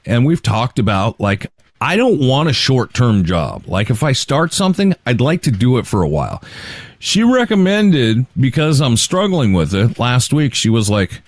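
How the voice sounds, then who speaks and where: A man's voice: mid-range voice, sing-song, normal speed, no room sound. A man in his late forties co-hosting a podcast, telling stories with laughs and the odd curse. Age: 40s. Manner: storytelling, swears, laughs often. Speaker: podcast co-host. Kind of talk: casual chat.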